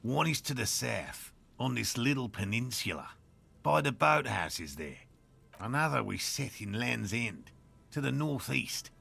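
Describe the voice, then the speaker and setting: A man's voice: medium pitch, animated, unhurried, gravelly, pushed and bright, husky, soft background music, full character voice. An actor playing a pompous, self-assured male cryptozoologist in a video game, with an Australian accent and a lecturing manner.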